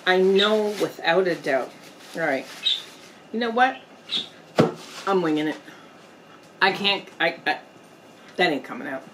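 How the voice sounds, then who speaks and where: A woman vlogger chatting casually while eating on camera at home, pausing often to savor her food. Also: fairly low pitch, animated, background noise. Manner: slow, chatty, pauses to eat and savor. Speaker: mukbang vlogger. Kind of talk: casual eating vlog chat. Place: indoors at home, storm outside.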